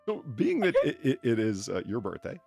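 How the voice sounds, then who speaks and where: A man's voice: medium pitch, huge pitch swings, a little fast, gravelly, a little mellow, soft background music. A man hosting a livestream in casual chat, telling rambling stories with lots of swearing and jokes. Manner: profane, rambling, jokey storyteller. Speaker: stream host.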